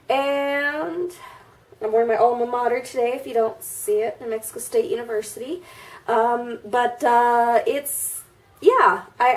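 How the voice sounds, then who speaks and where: A woman's voice: a little high, far from the mic. A woman in her thirties chatting casually in a get-ready-with-me video, her voice a little nasal and stuffy from a cold, rambling with fillers and restarts. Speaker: beauty vlogger.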